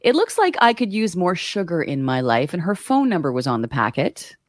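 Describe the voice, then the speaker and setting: A woman's voice: on the low side, very animated, normal speed, no room sound, clean studio sound. A woman co-hosting a morning radio show from home, reading listener texts and telling a news story in casual banter. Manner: chatty, reads texts and tells news stories. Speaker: radio co-host. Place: home studio. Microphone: remote microphone.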